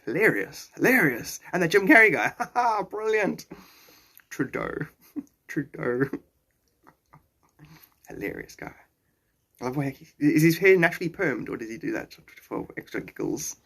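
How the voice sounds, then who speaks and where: A man in his forties, born in Zimbabwe and raised in South Africa, chats casually and playfully with viewers on a live stream in a South African accent. His voice sits on the high side, very animated and a little slow, with vocal fry, frequent pauses, and a pushed, bright quality.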